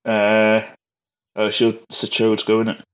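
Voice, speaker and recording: A man hosting a casual podcast quiz, reading out questions in a brisk, matter-of-fact way. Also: on the low side, monotone, dull audio. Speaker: quiz master.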